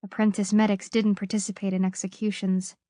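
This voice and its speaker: A woman narrates an audiobook in a measured, expressive reading. Her voice is mid-range, and the studio-quality recording has no room sound.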